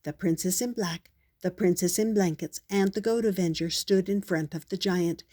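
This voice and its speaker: An older woman, a grandmother, reading a children's storybook aloud in a slow, gentle way. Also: lowish voice.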